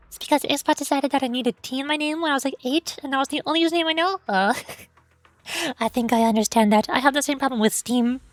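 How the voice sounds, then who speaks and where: A woman streamer with a high, bright voice chats casually and teases her viewers with mock outrage. She sounds excitable and playful. The sound is dry and close, with faint music behind her. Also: fast, dry recording. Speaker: livestream host.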